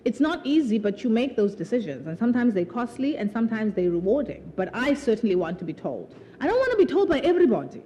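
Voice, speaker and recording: A fast-talking woman author with a warm, fairly high, sing-song voice barely pauses as she chats animatedly at her book launch before a live festival audience. She laughs frequently and repeats words when restarting sentences, against slight background noise.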